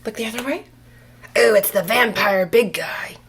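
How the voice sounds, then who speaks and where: A young adult woman telling a comic story, swinging between whispers and loud bursts with exaggerated delivery. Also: a little high, moderate pace, breathy edge. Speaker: comedian storyteller.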